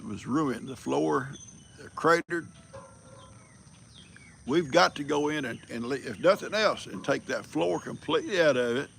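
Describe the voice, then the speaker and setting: A man's voice: medium pitch, fairly bright tone, slight background noise. An older man, chatting casually on a livestream, a folksy storyteller who rambles and chuckles. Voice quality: gravelly. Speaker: livestream host.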